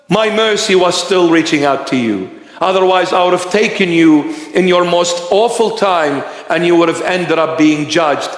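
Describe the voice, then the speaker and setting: A bishop delivers a sermon in a high, unhurried voice, firing rhetorical questions and swinging sharply up and down in pitch. His words ring out with a long, roomy church-hall echo. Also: a bit bright. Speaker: bishop preaching. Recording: echoey church hall reverb.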